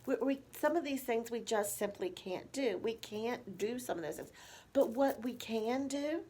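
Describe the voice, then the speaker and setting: Higher-voiced woman teaching slowly. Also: lively intonation, warm tone, slightly rough. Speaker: nurse and dementia educator. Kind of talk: teaching caregivers.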